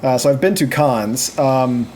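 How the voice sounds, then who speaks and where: A podcast co-host in casual chat, relaxed and quick to chime in with agreement. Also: medium pitch, slight background noise.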